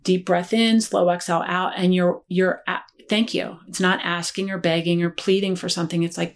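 A woman's voice: fairly low pitch, steady tone, moderate pace, gravelly. A woman who works as a life coach, a podcast guest telling a personal story in an earnest, reflective way. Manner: earnest, reflective, dips quiet at tender moments.

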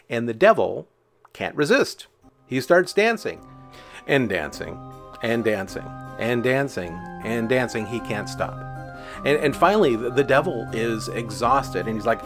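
A man telling old legends in a loose, chatty way, with plenty of "um"s and "you know"s and the odd sound effect. His pitch swings widely as he tells the story. Faint music plays behind him. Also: moderate pace. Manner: chatty, many fillers, animated with sound effects. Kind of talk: casual spoken folk-tale telling.

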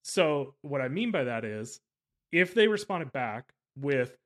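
A male podcast host talking in a loose, conversational way. He rambles and stresses his points, often stopping to rephrase mid-sentence. His voice sits in an ordinary middle pitch. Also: big pitch swings, slow. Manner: rambling and emphatic, with frequent self-corrections. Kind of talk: casual interview chat.

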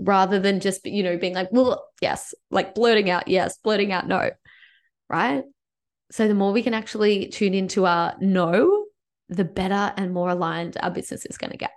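A woman talks alone on her business podcast in a loose, chatty way. She is upbeat and encouraging, sprinkling "like" through her sentences. Her voice sits at an ordinary middle pitch for a woman. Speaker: podcast host and business coach. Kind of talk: casual solo podcast monologue.

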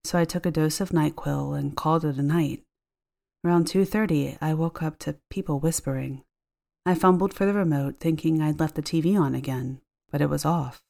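A woman voicing a sick, sleepy homeowner who is uneasy and lonely, speaking softly and hesitantly. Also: low-pitched, steady tone, normal speed, gravelly. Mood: uneasy, hushed. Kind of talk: audiobook character voice.

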